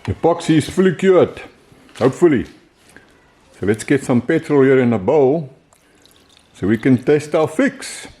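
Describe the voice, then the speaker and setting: A man's voice: medium pitch, lively intonation, measured pace, long pauses, mellow, husky. A man with a South African accent hosting a casual workshop vlog, chatty and upbeat, often ending lines with "eh". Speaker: vlog host restoring an old truck.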